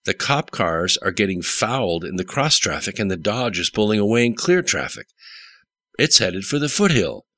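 A man's voice: sing-song, moderate pace, sharp tone, dry recording. A man narrating a story aloud, reading every character's lines himself. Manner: reads all characters in a mostly plain voice, rising pitch for dialogue. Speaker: audiobook narrator. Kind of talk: scripted narration.

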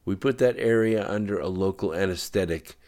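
A man reading a calm male nurse. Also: low voice, a little fast, pitched above the performer's own voice, lightly acted. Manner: reassuring, practical.

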